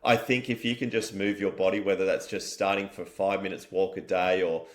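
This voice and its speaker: This guest is an Australian man behind a wellness company, chatting energetically like he's with mates and swearing casually. His voice is low and his pace brisk.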